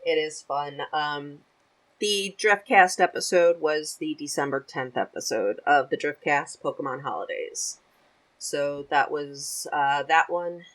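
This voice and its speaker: A woman's voice: sits low, a little slow, rough recording. A woman guest on a podcast, chatting casually and animatedly and laughing easily. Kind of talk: casual chat.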